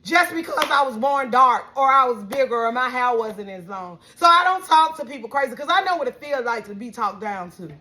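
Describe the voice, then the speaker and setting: A woman from Alabama with a Southern accent, venting heatedly to her followers about a rude fast-food worker, cursing and at times close to tears. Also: a little high, expressive, bright, forceful tone, slight background noise. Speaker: vlogger. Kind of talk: emotional venting rant.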